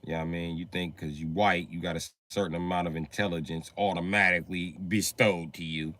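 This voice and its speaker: A man doing a profane comedy rant on a live stream, breaking into put-on voices. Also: a little fast. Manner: profane, animated, acts out voices with big pitch jumps.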